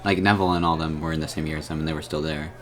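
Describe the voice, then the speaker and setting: Laid-back deep-voiced young man improvising. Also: steady tone, racing. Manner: laid-back, swears casually, narrates in slangy voices. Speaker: podcast co-host. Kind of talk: improvised comedic storytelling.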